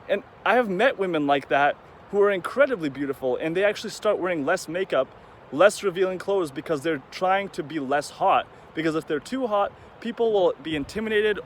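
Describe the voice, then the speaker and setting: A man with a slightly high voice talks casually to the camera in a rambling, conversational vlog, now and then mimicking the voices of people he quotes. There's a little background noise in the recording.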